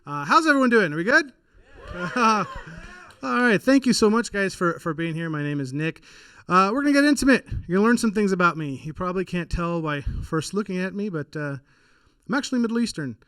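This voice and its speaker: A young man from California performing a stand-up comedy set, lively and playful, slipping into character voices. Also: sits high, brisk, smooth, no room sound, studio quality. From small town south of the Bay Area, California.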